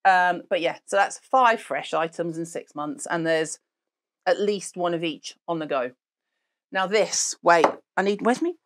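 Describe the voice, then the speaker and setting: A woman's voice: lowish voice, a little slow. A middle-aged woman, hosting a beauty product chat in a blunt, sweary, jokey way. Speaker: beauty show host. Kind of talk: casual chat reviewing products.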